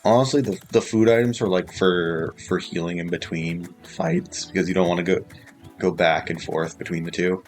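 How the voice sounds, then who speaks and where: A man's voice: low voice, fairly even intonation, normal speed, soft background music, low-quality recording. A man giving casual, rambling commentary while playing a video game. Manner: rambling, self-correcting explanations. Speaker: gameplay streamer. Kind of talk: casual let's-play commentary.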